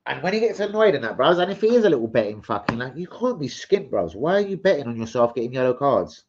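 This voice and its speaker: A man's voice: medium pitch, very animated, fast, a little mellow, muffled recording, slight background noise. A man hosting a casual football livestream, rambling and swearing as he chats with viewers. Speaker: football fan channel host. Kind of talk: casual livestream chat reading transfer gossip.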